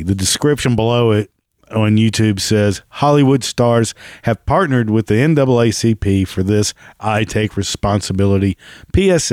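A man's voice: fairly low pitch, a little mellow, no room sound, studio quality. A man giving casual, sarcastic and profane reaction commentary on a video he is watching.

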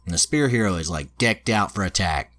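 Deep-voiced man telling a story casually. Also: lively intonation, a little fast, fairly bright tone. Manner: loose, profane storytelling. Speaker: podcast host. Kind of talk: casual chat, retelling a plot.

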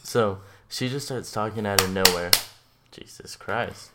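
A young man with a lowish voice rambles through a crude story among friends. His delivery is laid-back and loose. It is casual, unscripted podcast talk. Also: unhurried, heavy background noise. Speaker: podcast co-host.

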